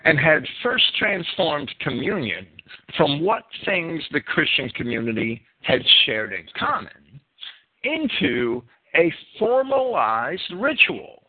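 A man with a New Jersey accent teaching a Bible sermon, emphatic and deliberate, stretching his key words. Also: fairly high pitch, very animated, breathy edge. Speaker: preacher. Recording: phone-like narrow sound.

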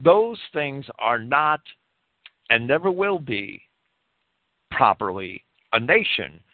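A man's voice: mid-range voice, very animated, takes it slowly, dry recording. A man hosting a live talk-radio show from a private home, earnestly reading definitions aloud and expounding on them. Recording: tinny phone-line audio.

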